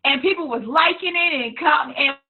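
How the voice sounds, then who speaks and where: A woman business coach giving a blunt, animated motivational talk on selling through social media, sometimes hollering with laughter. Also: sits high, moderate pace. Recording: tinny phone-like sound.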